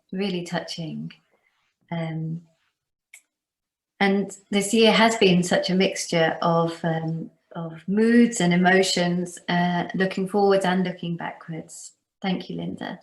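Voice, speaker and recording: A woman hosts an online reading, speaking very slowly with many hesitant ums. Her voice is slightly low. It sounds echoey, as if from a bare room on a video call. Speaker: event host. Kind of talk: introducing readers at an online event.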